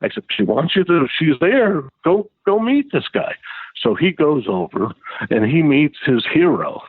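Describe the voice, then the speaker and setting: A man's voice: a little slow, slightly rough, dry recording. A man telling a casual anecdote as a guest, acting out the people he quotes. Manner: lively, acts out quoted voices with big pitch jumps. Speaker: guest storyteller. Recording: tinny phone-like sound.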